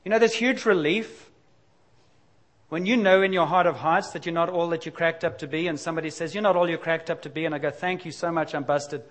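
A man's voice: on the high side, fairly quick, fairly bright tone. A middle-aged man preaching a sermon in a candid, confessional, conversational way, with sudden emphatic bursts. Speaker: pastor.

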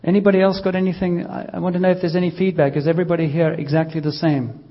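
A man leading a casual church healing session, gently coaxing and joking with the congregation. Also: on the high side, flat delivery, racing, dull audio. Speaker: pastor leading healing prayer.

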